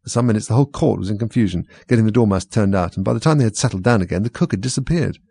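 Male storybook narrator, low and gravelly, measured read. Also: mellow, no room sound. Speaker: audiobook reader. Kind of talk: scripted narration.

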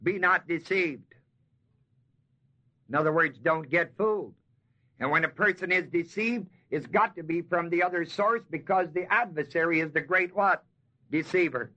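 A man's voice: fairly high pitch, bright, forceful tone. A man teaching a sermon on a Bible passage in a folksy way, leaning hard on key words and quizzing his listeners. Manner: emphatic, drawn-out stress on key words; folksy, asks the audience questions. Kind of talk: expository sermon. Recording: dull lo-fi sermon tape.

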